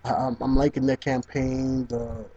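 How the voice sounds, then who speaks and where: A man co-hosting a casual gaming podcast, telling stories with lots of swearing, restarts and excited outbursts. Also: medium pitch, normal speed, husky, lo-fi sound. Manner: excitable storyteller, swears freely, many restarts. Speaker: podcast co-host. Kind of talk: casual chat.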